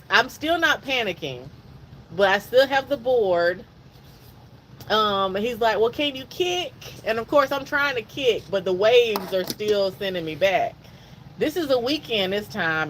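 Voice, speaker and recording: A woman co-hosting a podcast, telling a personal story in a casual, animated way and acting out the dialogue. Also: medium pitch, unhurried, a little hiss or hum, low-quality recording. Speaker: podcast co-host.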